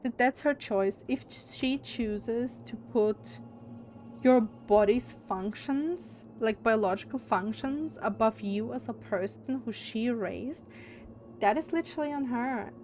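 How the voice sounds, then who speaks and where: A woman's voice: fairly high pitch, slow pace, darkish tone, slight background noise. A young woman streamer chatting casually and candidly, opinionated and swearing freely. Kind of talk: casual livestream chat.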